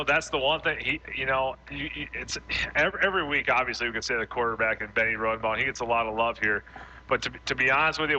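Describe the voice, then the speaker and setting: Bright-toned football analyst, slightly muffled line. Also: male voice, medium pitch. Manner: thinks aloud, frequent restarts, measured. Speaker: radio football co-host and analyst. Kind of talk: post-game game analysis.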